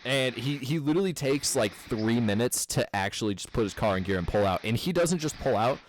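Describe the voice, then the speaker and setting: A man's voice: medium pitch, lively intonation, a little fast, slight background noise. A young man from the American Midwest telling a podcast story in casual chat, with many fillers and a lot of swearing.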